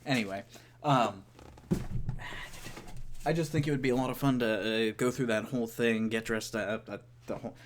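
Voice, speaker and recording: A young man talking casually to camera about his hopes, eager but halting, with many restarts. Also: medium pitch, background noise. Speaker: vlogger.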